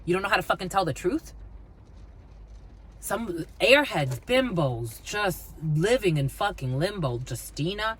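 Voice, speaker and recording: A woman's voice: on the low side, big pitch swings, a little slow, slightly rough. A woman giving a blunt, profane tarot reading to her viewers, scolding and swearing freely. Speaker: tarot reader. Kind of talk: spiritual reading monologue.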